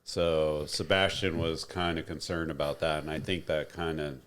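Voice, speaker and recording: A man co-hosting a podcast in casual chat, retelling conversations in a relaxed, agreeable way. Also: rumbling low, normal speed. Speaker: podcast co-host.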